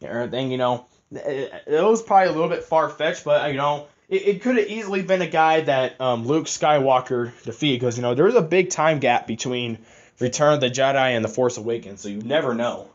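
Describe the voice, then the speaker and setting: A young man with a mid-range voice gives a brisk, casual film review, rambling and swearing, full of fillers and restarts. The lo-fi audio is slightly muffled.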